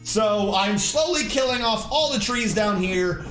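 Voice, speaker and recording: A man's voice: high voice, animated, a little slow, a bit bright, roomy sound, faint music behind. A man streaming a game, chatting casually and rambling as he plays and answers his chat. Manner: rambling, chatty, reacts aloud and talks to chat. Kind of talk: casual live-stream commentary.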